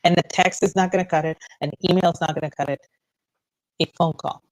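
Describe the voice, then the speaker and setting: A woman's voice: lowish voice, fairly even intonation, quick pace, a little mellow, no echo, poor audio. A woman in her fifties co-hosting a casual radio chat show, talking freely and bluntly with frequent laughs, recorded in a radio studio. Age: 50s. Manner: chatty, laughs often, blunt. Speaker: radio co-host.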